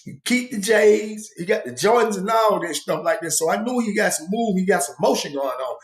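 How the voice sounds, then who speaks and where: A man's voice: high voice, animated, fairly quick. A man casually telling a story from his own past, rambling with slang and many asides. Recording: echoey room.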